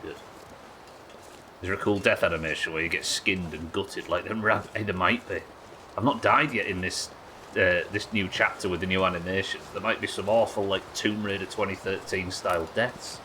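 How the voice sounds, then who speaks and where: A man's voice: sits low, steady tone, normal speed, noisy background. A man from the United Kingdom chatting and joking casually while streaming a survival game, swearing now and then. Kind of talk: casual gameplay commentary.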